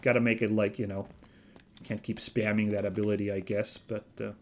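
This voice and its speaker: A man's voice: on the low side, flat delivery, a little fast, darkish tone, slight background noise. A man hosting a casual let's-play video, chatty and thinking aloud with frequent fillers and self-corrections. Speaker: gaming video host.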